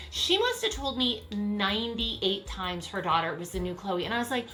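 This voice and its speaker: Bright-voiced sassy woman. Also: on the high side, lively intonation, moderate pace, hardly any pauses. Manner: chatty, sassy, laughs often. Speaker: host reacting to clips. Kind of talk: casual chat.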